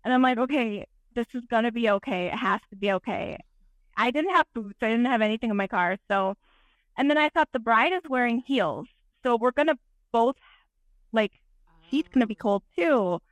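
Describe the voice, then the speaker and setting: A woman with a fairly high voice tells a long, chatty story in a casual podcast interview. Her talk is loose and full of fillers. The sound is dry and close. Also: animated, normal speed, dry recording. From Michigan. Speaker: guest photographer.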